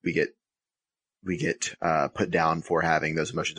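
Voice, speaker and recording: Low-voiced reflective man hosting a podcast. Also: flat delivery, normal speed, a bit bright, no room sound. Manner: reflective, thinks aloud with many fillers. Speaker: podcast host. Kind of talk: conversational interview.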